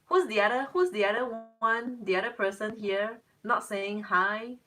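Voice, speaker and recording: Bright-voiced chatty woman tarot reader. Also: mid-range voice, moderate pace, soft background music. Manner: chatty, talks back to viewer comments, rambling restarts; exasperated exclamations. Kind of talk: casual live-stream chat.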